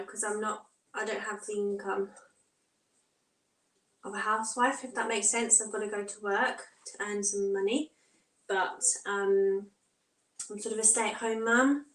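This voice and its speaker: Chatty mum, roomy distant sound. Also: female voice, mid-range voice, takes it slowly, pauses often, fairly bright tone. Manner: chatty, chats while doing housework, often breaks off to her toddler. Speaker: live-streaming mum vlogger. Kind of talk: casual live-stream chat. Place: home.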